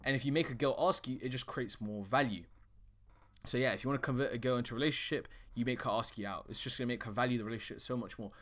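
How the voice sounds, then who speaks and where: A man's voice: mid-range voice, very fast, fairly bright tone. Man, dating coach, blunt, swears a lot, trips over his words. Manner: blunt, swears often, frequent restarts. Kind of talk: casual direct-to-camera advice.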